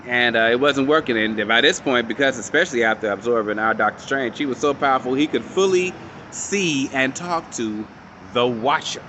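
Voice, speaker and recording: A man casually recapping and reviewing a show episode, animated and storytelling, acting out characters' lines and swearing freely. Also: medium pitch, moderate pace, slight background noise.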